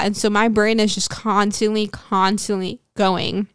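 A woman's voice: mid-range voice, little pitch movement, measured pace, few pauses, fairly bright tone, clear, resonant tone, no echo, clean studio sound. A young woman hosting a podcast, telling a personal story in a frank, chatty way with lots of filler words. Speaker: podcast host.

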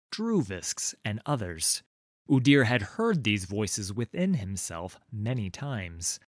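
A man reading a fantasy story aloud in a measured, deliberate way. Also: mid-range voice, no echo, clean studio sound. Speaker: narrator. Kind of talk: scripted fantasy narration.

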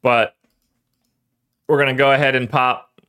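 A man's voice: mid-range voice, little pitch movement, a little slow, sharp tone, clean tone. Rambling, choked-up male podcast host. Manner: rambling, self-deprecating, emotional about his team. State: voice cracking, choked up. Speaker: fantasy sports podcast host. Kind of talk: casual solo livestream talk.

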